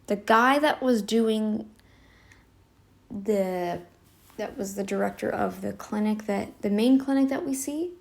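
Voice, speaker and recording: A woman's voice: medium pitch, a little slow, gravelly. A woman hosting a reaction channel, giving a casual commentary that is emphatic and sarcastic, firing off rhetorical questions at the listener. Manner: sarcastic, addresses listeners directly.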